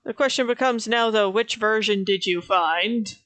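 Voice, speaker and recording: A woman's voice: mid-range voice, unhurried, fairly bright tone, no room sound. A woman streamer chatting casually and laughing often.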